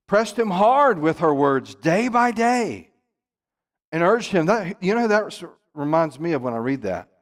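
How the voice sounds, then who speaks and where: A man leading a church Bible study, emphatic, jumping from loud exclamations to quiet asides. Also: on the high side.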